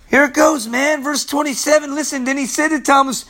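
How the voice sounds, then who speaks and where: A man preaching in an excited, informal way, laughing often and repeating lines for emphasis as the host of a Bible teaching show. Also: extremely high pitch, a little fast, few pauses.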